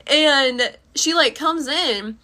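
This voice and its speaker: Young woman, high bright voice, chatty, lots of fillers, swears freely, casual storytime. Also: expressive, moderate pace.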